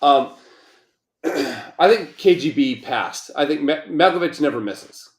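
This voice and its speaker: A man's voice: fairly high pitch, expressive, measured pace. Casual profane guy cohosting a podcast, jokey and rambly, roomy echo around him. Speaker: podcast co-host. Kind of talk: casual chat.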